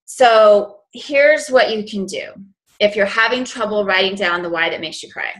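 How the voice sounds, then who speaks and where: Bright-voiced woman coach, earnest chat. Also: mid-range voice, normal speed, low-quality recording. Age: 40s. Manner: earnest, conversational, lots of "you know". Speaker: business coach. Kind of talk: motivational coaching call.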